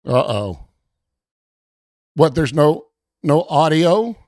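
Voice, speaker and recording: A show host narrating a game in a joking, mock-panicked way, swearing often, stammering and repeating itself, later sliding into a gruff, bossy police-officer act. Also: medium pitch, animated, slow pace, a little mellow, dry recording, studio quality. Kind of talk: profane, joking gameplay commentary.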